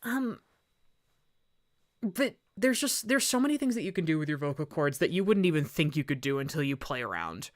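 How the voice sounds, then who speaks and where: A woman's voice: deep voice, very animated, fast talker, few pauses. A woman voice actor chatting casually on an art stream, telling rambling stories. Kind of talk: casual chat while drawing on stream.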